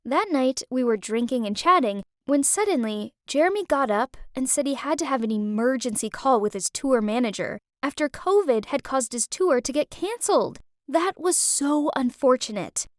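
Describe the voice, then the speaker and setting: A young woman narrating an animated story in first person, chatty and breathless. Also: sits high, normal speed, few pauses, no echo, clean studio sound.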